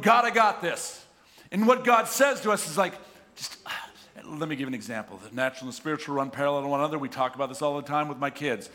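Middle-aged pastor preaching, bright voice jumping all over, big hall echo. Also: male voice, on the high side. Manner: animated, acts out voices of people talking to God. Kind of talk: sermon. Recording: reverberant hall.

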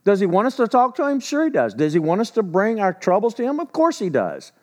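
A pastor with a slightly high voice preaches a loose, conversational sermon, talking fast with huge swings in pitch. He poses rhetorical questions and answers them himself, and he acts out what people say in a casual, everyday voice.

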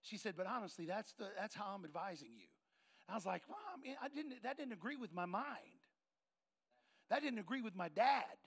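A man preaches through a personal story. His voice sits high and carries a gravelly edge. He leans into the quoted lines and voices each person in turn. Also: moderate pace. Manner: animated storyteller acting out dialogue. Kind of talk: sermon storytelling.

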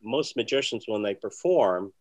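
A man who is a magician, telling stories in an interview with a rambling, conversational manner full of fillers and restarts. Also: normal speed. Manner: often soft and low, with lively bursts. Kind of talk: casual interview storytelling.

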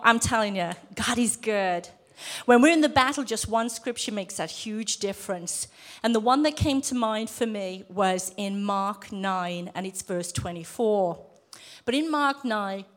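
A middle-aged woman preaching a sermon in a church room, lively and emphatic as she quotes scripture. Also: medium pitch. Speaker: lay preacher.

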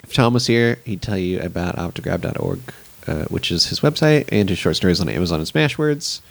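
A man's voice: sits low, a little fast, gravelly. A man hosting a casual podcast, joking with his co-hosts and reading out plugs and segment cues. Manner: relaxed, jokey, reads plugs and segment cues. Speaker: podcast host.

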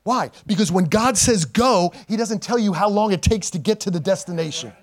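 Brief: middle-aged male pastor, high voice, animated sermon with call-and-response, dynamic swings from loud to quiet. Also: normal speed. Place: church sanctuary before a congregation.

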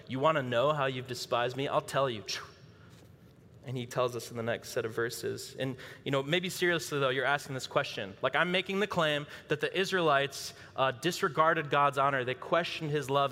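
Man preaching in a church, bright voice, casual asides, hall reverb. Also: mid-range voice. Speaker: pastor. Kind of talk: sermon. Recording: long reverb of a large hall.

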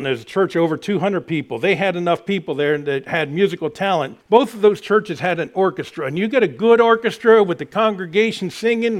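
A middle-aged male pastor delivers a sermon in a notably high voice for a man. He teases himself and the congregation in a jokey, self-mocking way before swinging back to earnest praise.

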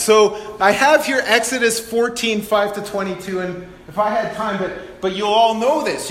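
High-voiced preacher in an echoey hall. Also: male voice. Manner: animated, acts out Bible quotes, laughs at himself. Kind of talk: sermon.

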